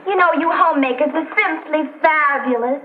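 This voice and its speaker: An actress playing an affected young film starlet who gushes and name-drops. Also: female voice, high voice, a little fast, heavy background noise, lightly acted. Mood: gushing. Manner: airy, gushing, self-important. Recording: tinny old TV sound, roomy.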